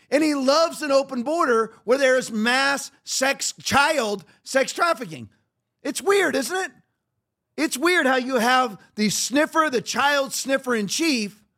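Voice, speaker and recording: Bright and forceful in tone, this middle-aged man's high-pitched voice carries his podcast's political commentary. As host, he repeats himself for emphasis and leans heavily on sarcasm.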